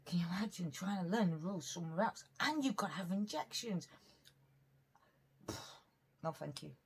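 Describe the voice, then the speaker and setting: A woman's voice: fairly low pitch, expressive, quick pace, husky. A woman from Britain, chatting in a rambling, earnest way while eating on camera for her vlog. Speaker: mukbang vlogger. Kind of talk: casual eating chat.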